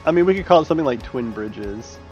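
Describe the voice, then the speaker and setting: A man's voice: medium pitch, lively intonation, quick pace, a little mellow. A man chatting casually and thinking aloud while he works, with plenty of fillers and swearing. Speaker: map-building streamer. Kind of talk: casual chat while working. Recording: muffled audio with faint music.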